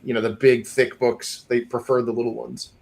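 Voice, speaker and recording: Man, casual podcast chat, rambling and quick, plenty of restarts. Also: medium pitch, flat delivery, vocal fry, a little mellow.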